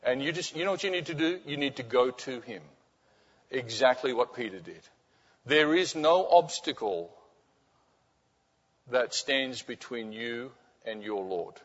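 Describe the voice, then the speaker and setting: A middle-aged pastor preaches a sermon, telling a personal story and repeating his key phrases softly. His voice rings through a large hall with a long reverb. The recording is somewhat dull and muffled. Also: mid-range voice, animated, measured pace, pauses often. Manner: storytelling, repeats phrases for emphasis, drops to soft.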